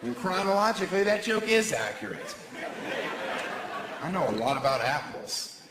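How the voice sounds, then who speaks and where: A man doing a stand-up comedy set on a club stage, talking animatedly and jumping into shrill put-on voices for his bits. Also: sing-song, moderate pace. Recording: roomy live club sound with crowd noise.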